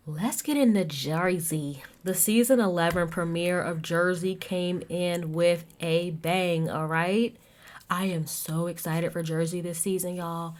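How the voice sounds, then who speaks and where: Sassy Southern woman with a low voice. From American South. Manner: sassy, chatty, acts out quotes. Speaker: podcast host. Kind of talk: casual recap chat.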